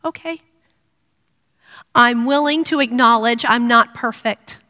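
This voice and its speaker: A middle-aged woman giving a sermon to women, earnest and personal, dropping to a hush when she voices prayers. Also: a little high, slow pace. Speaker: women's ministry speaker. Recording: long reverb of a hall.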